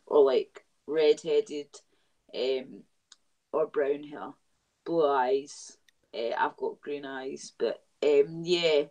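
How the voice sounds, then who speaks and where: A woman with a Glaswegian accent, a guest in a casual chat, blunt and animated and swearing freely. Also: deep voice, drawn-out words, poor audio. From Scotland.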